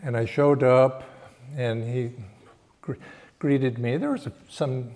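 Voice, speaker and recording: An older man giving a Sunday sermon and telling a personal story in a reflective, halting way, often restarting his phrases. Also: mid-range voice. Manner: slow, reflective, halting phrasing with frequent restarts and soft laughs. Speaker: spiritual teacher giving a Sunday talk.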